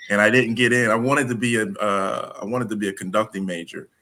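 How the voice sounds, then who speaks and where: A man telling stories as an interview guest in a casual, animated way, acting out the dialogue. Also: fairly low pitch, a little fast. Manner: animated, acts out dialogue with laughs. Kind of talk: casual storytelling.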